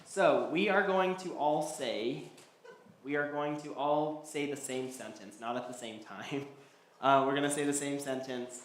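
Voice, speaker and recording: A man's voice: mid-range voice, a little slow. A man teaching a Bible study class, talking loosely with many ums and restarts. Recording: echoey hall, faint background noise.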